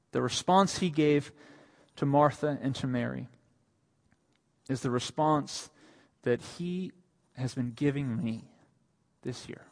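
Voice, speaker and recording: A male pastor preaching a sermon. His voice swells to emphatic peaks on quoted lines and sinks soft and low when he speaks of his own need. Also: gravelly, in a large hall. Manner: rises to emphatic, raised delivery on quoted lines, then drops soft and low.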